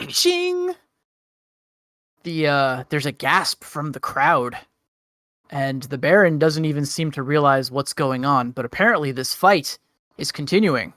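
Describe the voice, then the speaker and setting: A man's voice: a little high, sharp tone, no room sound, studio quality. A man running a tabletop game as game master, easygoing and laughing often.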